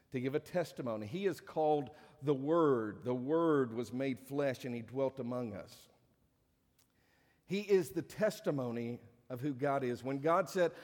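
A man pastor delivering a sermon, rising to emphatic peaks and dropping to hushed lines. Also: medium pitch. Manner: preaching with swelling emphasis and hushed drops. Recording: long reverb of a large hall.

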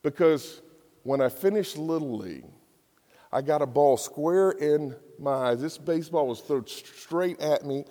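A man's voice: a little high, measured pace, dark tone. Man preaching in an echoey hall. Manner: conversational, jokey, acts out quotes in voices. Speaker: pastor. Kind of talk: sermon. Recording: long hall reverb.

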